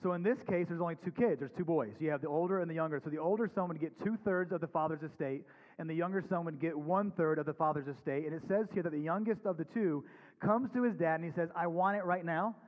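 Male pastor, sermon, earnest conversational preaching, slightly higher voice, dull recording with long reverb. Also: quick pace. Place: church sanctuary.

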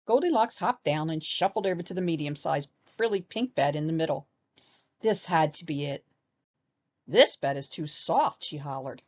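Expressive woman reading a storybook. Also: sits low, dull audio. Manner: expressive, animated narration.

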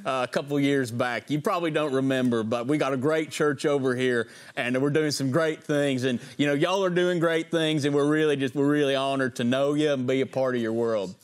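A man's voice: medium pitch, fairly even intonation, fairly quick, few pauses, close to an everyday voice. A man voicing an over-friendly Texan pastor in a put-on Southern accent, rambling and stammering on a prank call. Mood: smooth-talking. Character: folksy male Texan megachurch pastor. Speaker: prank caller.

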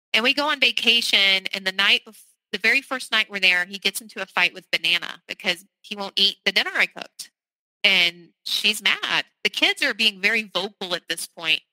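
A woman's voice: mid-range voice, bright, forceful tone, no room sound, low-quality recording. A middle-aged woman from the South, a podcast guest candidly and urgently recounting a personal story. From American South.

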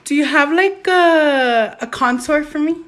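A man's voice: extremely high pitch, unhurried, a bit bright. A man playing a brash, crude young woman from California who swears, laughs and drawls slang in a comedy sketch.

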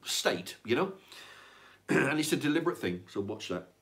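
With a medium-pitched, fairly bright voice that swings widely in pitch, an older man talks at normal speed on his livestream. He reads out viewer comments in casual chat, rambling, repeating words and swearing.

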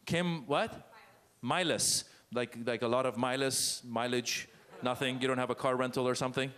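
This middle-aged man, born in Iran, performs a comedy club stand-up set with crowd work, animated and fond of loud put-on voices. His voice is mid-range.

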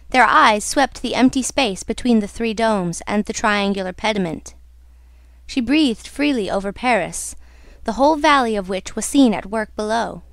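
A woman narrating an audiobook in a measured, unhurried reading. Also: fairly high pitch, creaky, dry recording. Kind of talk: scripted narration.

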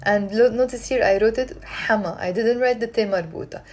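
A woman teaching Arabic live from her phone, lively and coaxing, repeating words for learners to drill. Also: a little high, fairly quick. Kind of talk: live-streamed language lesson.

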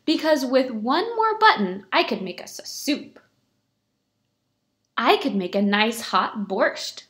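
A woman's voice: a little high, big pitch swings, takes it slowly, fairly bright tone, exaggerated voice. A woman voicing a ragged, hungry little male beggar who turns out wily, pleading and scheming in a storybook. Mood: eager.

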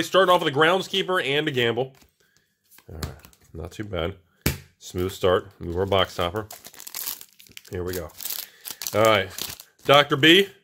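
A man hosting a casual card-unboxing video, talking to viewers as he opens packs, excitable and repeating himself. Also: on the low side, slight background noise. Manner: excitable, repeats words, often addresses viewers as everybody. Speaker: channel host opening card packs.

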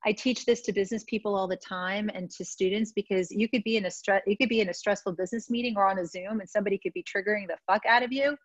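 A woman's voice: mid-range voice, steady tone, quick pace, hardly any pauses, dry recording. A woman from New York, a stress coach, casually and frankly teaching self-soothing techniques over a video call. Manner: casual, frank, demonstrates moves while talking. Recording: dry, slightly dull sound.

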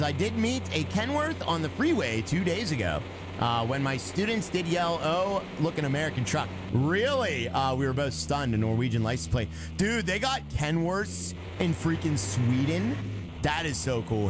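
A young man talks through a game on a live stream in a lively voice that rises and falls a lot. He sits a little high in pitch for a man, laughs often and keeps answering his chat. Music plays steadily behind him. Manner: chatty, reads out chat messages, laughs often. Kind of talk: casual live-stream gameplay commentary.

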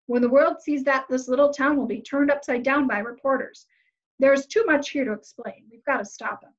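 A woman's voice: high-pitched, steady tone, moderate pace, natural voice. Woman reading as a cold, impatient prince. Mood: stern. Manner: cold, curt and commanding. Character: arrogant, impatient fairy-tale prince, grown man. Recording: slightly muffled lo-fi recording.

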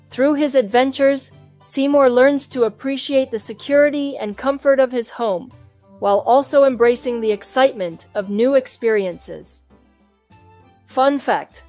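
A woman reading a children's storybook aloud in an even, clear storytelling manner, voicing the hamster who narrates his own adventure. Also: high voice. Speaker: storybook reader. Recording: soft music behind the voice.

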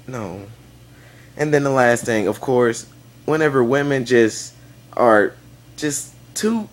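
A young man giving a casual video-response rant, exasperated, jumping into high squeaky outbursts. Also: fairly bright tone. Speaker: vlogger.

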